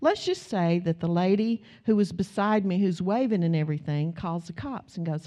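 An older woman, preaching a sermon and telling a lively story in which she acts out the voices of her family. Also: lowish voice, normal speed, hardly any pauses. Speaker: pastor.

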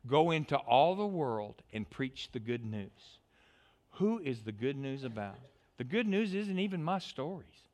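Animated preacher man. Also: mid-range voice, unhurried. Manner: animated preaching with stammered restarts. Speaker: pastor. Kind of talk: sermon.

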